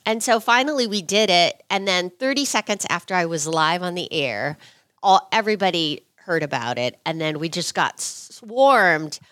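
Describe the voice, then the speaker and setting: Brief: middle-aged woman, lowish voice, lively storyteller who laughs a lot, dry close mic. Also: moderate pace, no room sound. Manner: animated, laughs often, acts out quotes. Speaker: guest, former TV reporter. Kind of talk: casual storytelling.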